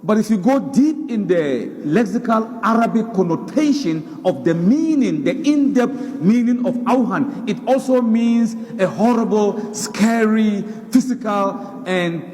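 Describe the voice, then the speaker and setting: A man's voice: high-pitched, lively intonation, measured pace, hardly any pauses, a little mellow, in a large hall. A man preaching a sermon, emphatic, repeating words for stress. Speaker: Islamic preacher. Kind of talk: sermon lecture.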